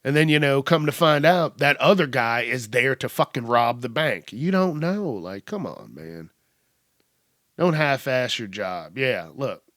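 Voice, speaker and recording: A young man hosting a podcast, retelling a news story in a profane, animated way and acting out the quotes. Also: medium pitch, a little slow, no echo, studio quality. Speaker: podcast host. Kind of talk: casual news commentary.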